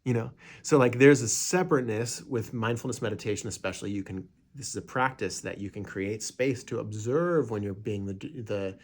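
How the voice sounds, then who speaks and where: Relaxed low-voiced man teaching meditation. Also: a little fast, hardly any pauses. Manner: relaxed, rambling, many fillers and restarts, acts out quoted friends. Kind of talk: casual spoken teaching.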